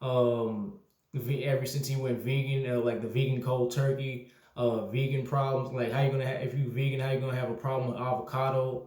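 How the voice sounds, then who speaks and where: A man's voice: mid-range voice, mellow. A man hosting a casual battle rap recap, rambling with lots of fillers and exasperated asides. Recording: echoey room.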